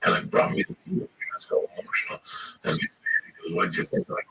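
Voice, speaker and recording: Man, casual profane chat, bright forceful tone, faint room noise. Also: very high voice, huge pitch swings, quick pace, creaky, low-quality recording. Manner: loud, rambling and profane.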